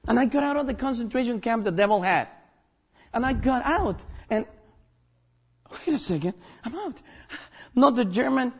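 A man's voice: extremely high pitch, creaky, slightly rough. A man from Guatemala with a Guatemalan accent, a native Spanish speaker, preaching a sermon as pastor, emphatic and joking.

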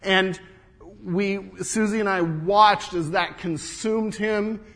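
A middle-aged male pastor preaching with a fairly high voice. He tells stories and swings from raised, emphatic lines down to hushed ones. His voice carries a long reverb from the church hall. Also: fairly even intonation, slow. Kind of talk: sermon.

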